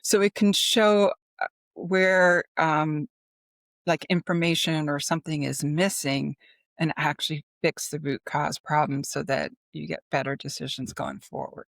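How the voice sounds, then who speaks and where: A woman's voice: deep voice, a little slow, creaky, no echo. Chatty middle-aged woman, dry close sound. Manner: chatty, filler-heavy, animated retelling of anecdotes. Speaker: podcast guest, business consultant. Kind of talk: casual interview conversation.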